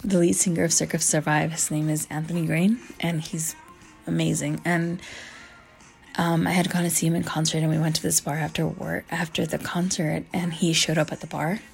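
A young woman vlogger talks through a story in a loose, chatty way, leaning on "like" and dropping the odd curse. Her voice sits a little low and slides into gravelly fry. Soft music plays faintly underneath. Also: fairly quick, rough recording. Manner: chatty, heavy on "like" fillers and swearing; animated, acts out quoted voices. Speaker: vlogger answering viewer questions. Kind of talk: casual storytelling.

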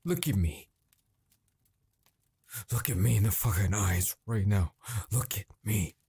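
An actor playing a frustrated husband confronting his wife at dinner, halting and swearing as he grows angrier. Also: fairly low pitch, expressive, vocal fry, husky, no room sound, full character voice. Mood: angry. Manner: halting, swearing, escalating to yelling. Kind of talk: improvised dramatic monologue.

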